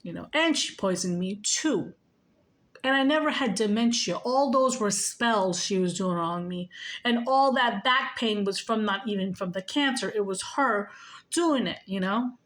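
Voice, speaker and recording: A woman's voice: medium pitch, expressive, a little slow, a bit bright. Woman voicing her indignant late father. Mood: confiding. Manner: indignant, profane. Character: late older father speaking from beyond, indignant.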